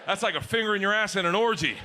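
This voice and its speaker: A middle-aged man performing stand-up comedy on stage, telling loud, rowdy stories and shouting his punchlines. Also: sits high, very fast, background noise. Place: comedy stage before a live audience.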